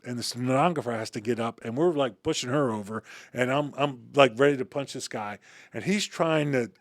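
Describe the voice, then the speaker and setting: A man's voice: medium pitch, brisk, no echo, clean studio sound. A middle-aged man telling a story in an interview, acting out the dialogue and cussing casually. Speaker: interview guest.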